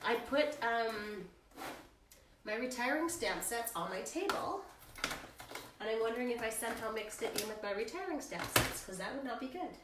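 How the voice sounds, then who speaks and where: A woman's voice: fairly high pitch, lively intonation, moderate pace, heavy background noise. A woman with a cold hosting a casual live crafting stream, flustered and chatty as she talks to viewers. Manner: flustered, chatty, moves away from the camera. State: sick with a cold. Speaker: crafting livestream host.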